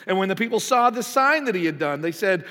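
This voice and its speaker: Male pastor, slightly high voice, chatty sermon delivery, lots of rhetorical questions, echoing sanctuary. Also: animated, a little fast, bright, forceful tone. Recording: long hall reverb.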